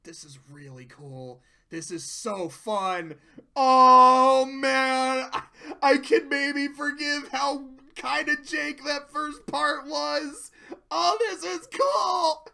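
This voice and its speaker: Young reviewer ranting casually, swears a lot, slow and bright. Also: high voice, vocal fry. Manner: profane, excitable, ranting. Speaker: video reviewer. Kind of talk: casual spoken commentary.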